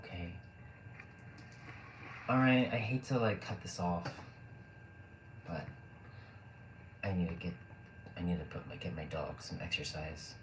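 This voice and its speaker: A man's voice: low-pitched, lively intonation, a little slow, long pauses. A man casually chatting with his live stream audience, joking, laughing often and rambling with fillers. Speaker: live streamer reading chat. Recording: roomy echo, faint background noise.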